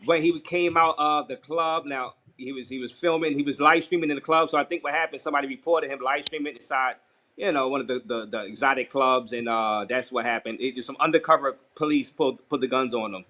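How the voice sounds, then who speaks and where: A man's voice: medium pitch, fairly even intonation, a little fast, pushed and bright. A man hosting a livestream, explaining events in a loose, offhand way. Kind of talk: casual livestream talk.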